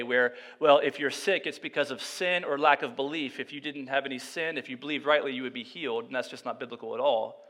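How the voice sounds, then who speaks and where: A male pastor preaching a sermon, moving between quiet, slow reflection and loud, emphatic passages. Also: fairly high pitch, big-room sound.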